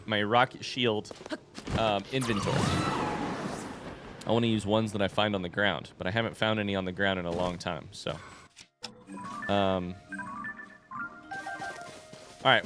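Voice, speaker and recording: A man hosting a let's play, giving excitable and self-mocking commentary as he plays. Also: lowish voice. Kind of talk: gameplay commentary.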